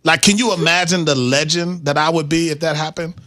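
A man with a Midwestern accent co-hosting a casual sports chat, animated and laughing easily. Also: on the high side, brisk. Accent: Midwestern American. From Milwaukee, USA. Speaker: podcast co-host.

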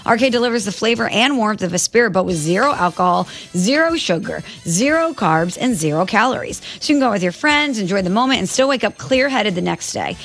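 A woman's voice: medium pitch, lively intonation, a little fast, creaky, hardly any pauses, fairly bright tone, soft background music. A woman co-hosting a sports radio show, upbeat and confident, who also reads the show's sponsor spots. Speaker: sports talk co-host. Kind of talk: sports radio chat and live ad read.

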